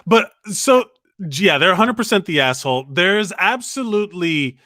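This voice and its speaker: Bright, animated male podcast storyteller. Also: high voice, dry recording, clean studio sound. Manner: animated storytelling with quick asides. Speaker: podcast co-host. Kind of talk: casual comedic chat.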